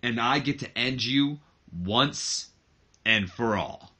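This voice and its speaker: A man's voice: mid-range voice, slow pace, bright, forceful tone, husky, exaggerated voice. A man voicing a brash young heir to a wrestling company, taunting his father in a smug promo.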